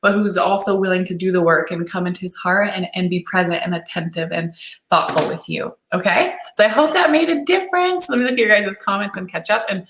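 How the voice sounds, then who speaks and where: A woman's voice: mid-range voice, a little fast, fairly bright tone. Enthusiastic woman coach in an echoey room. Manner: enthusiastic, encouraging, reads viewer comments aloud. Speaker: dating and relationship coach. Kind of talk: live-stream Q&A chat.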